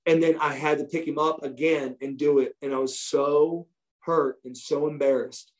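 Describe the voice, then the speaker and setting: Man with a slightly high voice, telling stories. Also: steady tone, moderate pace. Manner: swears freely, reenacts others' lines in his own telling. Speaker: former wrestler telling stories as a guest. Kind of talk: casual storytelling chat.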